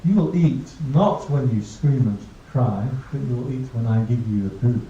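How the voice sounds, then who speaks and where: A man's voice: mid-range voice, moderate pace, mellow, a little hiss or hum, close to an everyday voice. A man voicing a strict parent who firmly lays down rules to a growing child. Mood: stern. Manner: firm, lecturing. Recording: dull distant roomy recording.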